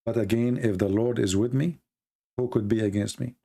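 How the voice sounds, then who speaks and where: Gravelly, dark-voiced man speaking broken English. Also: steady tone, normal speed. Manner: non-native English with broken grammar; emphatic, grows heated and high-pitched when mocking critics. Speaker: livestream host. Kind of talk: casual spoken monologue.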